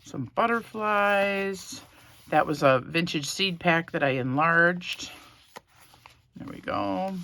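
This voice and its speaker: A woman vlogger casually showing a handmade journal, soft-spoken and a little emotional, rambling with fillers. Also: fairly low pitch, takes it slowly, slight background noise. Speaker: crafting vlogger. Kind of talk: casual show-and-tell.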